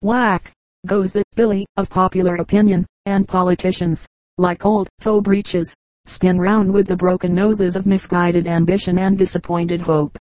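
A woman narrating an audiobook in a measured, orotund reading style. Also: lowish voice, flat delivery, a little mellow, dry recording, rough recording. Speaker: audiobook reader.

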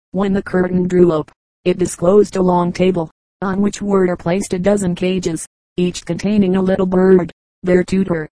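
A woman reading a storybook aloud in measured, scripted narration. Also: on the low side, mellow, dry recording, rough recording. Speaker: audiobook reader.

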